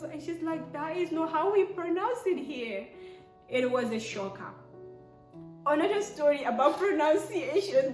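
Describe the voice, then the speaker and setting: A young Nigerian woman vlogger with a Nigerian accent and a slightly high voice tells stories to camera, casual and animated, often exclaiming and acting out both sides of conversations. She's in an echoey room with soft piano music playing.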